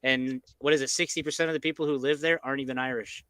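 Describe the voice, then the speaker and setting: A man's voice: medium pitch, fairly even intonation, quick pace, fairly bright tone, dry recording, low-quality recording. A man hosting a casual chat, rambling and profane in laid-back banter. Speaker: host.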